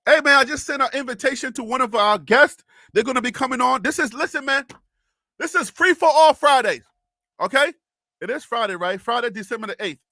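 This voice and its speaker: On a casual live sports stream, a man from North Carolina in the US South speaks with a high pitch and a bright, forceful edge. He addresses the chat directly and energetically, laughing a lot and repeating himself. The recording is close and dry, with no echo.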